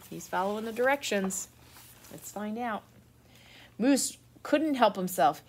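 A middle-aged woman, a teacher reading a picture book aloud to children, expressive and full of surprise. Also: fairly high pitch. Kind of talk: children's read-aloud storytime.

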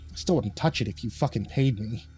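A man reading a horror story aloud in a calm, measured storytelling voice. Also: medium pitch, faint music behind. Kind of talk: scripted horror narration.

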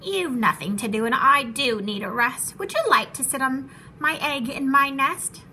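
A lazy mother bird with a bright, lively, swooping storybook voice that coaxes in a drawn-out sing-song, as a woman puts her on. She wheedles sweetly and stretches her words. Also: sits high, slight background noise, exaggerated voice. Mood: coaxing. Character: lazy pleading female bird.

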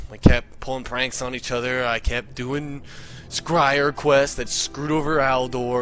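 An excitable man tells a comic story in a ranting, profane monologue. His voice is bright and forceful, at a middle pitch. Faint music plays behind him. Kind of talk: comedic monologue.

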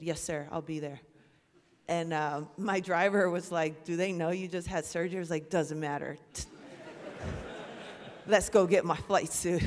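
An airman on an award panel telling a humorous personal story, acting out the other people in it. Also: medium pitch. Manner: lively storytelling with acted-out quotes. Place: symposium hall on stage. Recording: reverberant auditorium.

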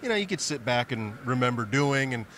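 A man conducts a casual convention interview, eager and encouraging, his pitch moving a lot as he talks. A clear wash of convention noise surrounds him. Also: big pitch swings, brisk, fairly bright tone. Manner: enthusiastic, short encouraging replies. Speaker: podcast interviewer. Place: convention floor. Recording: noisy convention ambience.

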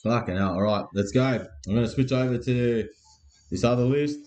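Swearing Australian man, mellow voice. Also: mid-range voice, normal speed. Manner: crude, heavy swearing, laddish teasing. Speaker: card break host. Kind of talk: live-streamed card break banter.

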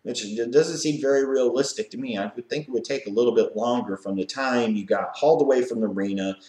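A man's voice: medium pitch, brisk, darkish tone, echoey room. A man giving an opinionated solo wrestling review, ranting and swearing in exasperation.

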